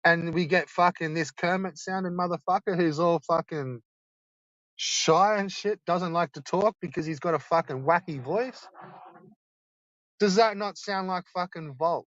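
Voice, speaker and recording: A man's voice: sits high, unhurried, fairly bright tone, no echo. A young man livestreaming, ranting insistently and swearing a lot. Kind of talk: rambling livestream rant. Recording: dull lo-fi streaming mic.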